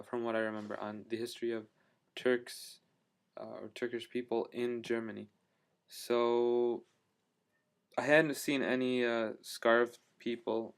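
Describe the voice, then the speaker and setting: A travel vlogger with a smooth, mid-range voice tells a travel story in a casual video diary. He rambles with lots of fillers and restarts and is enthusiastic about what he saw.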